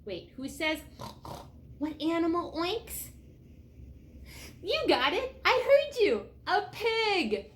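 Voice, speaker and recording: A woman reads a picture book aloud to young children, keeping it playful and asking them questions as she goes. Her high-pitched voice is very animated, her pace slow, with long pauses.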